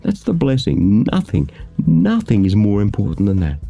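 Male studio preacher with a warm, mellow tone and an emphatic sermon delivery. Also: lowish voice, huge pitch swings, moderate pace, creaky. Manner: emphatic preaching, rhetorical questions.

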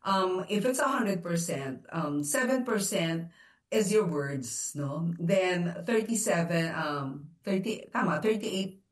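Woman co-host and psychologist, animated chatty delivery with playful mock dialogue, roomy echo, mic set back. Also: slow pace. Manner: lively, jumps into mock dialogue with sharp pitch rises, laughs often. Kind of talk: casual Taglish faith talk show chat. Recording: echoey room, voice from a distance.

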